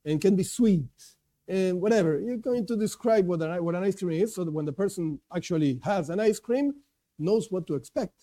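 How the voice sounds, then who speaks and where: High, bright-voiced man teaching a religious class. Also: lively intonation, normal speed. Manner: conversational, restarts often, asks and answers his own questions. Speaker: Jewish teacher. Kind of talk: informal Torah class.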